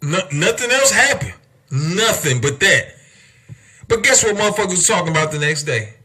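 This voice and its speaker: His high-pitched, sing-song voice has a sharp, slightly rough tone and moves at normal speed. He's a young adult man hosting a podcast, in the middle of a heated, emphatic, profane rant full of rhetorical questions.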